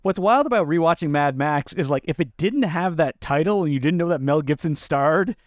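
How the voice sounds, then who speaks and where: A man co-hosting a film podcast, his fairly high voice leaping up and down as he jokes and throws in incredulous asides. The sound is dry and close, with no room around it. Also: fairly quick, dry recording. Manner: animated, joking, incredulous asides. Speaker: podcast co-host. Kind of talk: casual film discussion.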